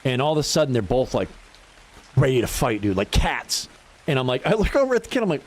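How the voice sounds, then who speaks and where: Talking fast in a medium-pitched voice, this young New Hampshire man streams a game and spins animated stories. His casual chat is full of swearing and frequent laughter.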